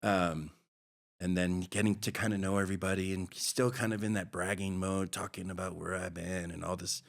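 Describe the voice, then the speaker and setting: A man's voice: low-pitched, flat delivery, moderate pace, gravelly. A middle-aged man from Hawaii, a podcast guest telling his life story in an earnest, rambling way full of fillers. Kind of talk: personal storytelling interview.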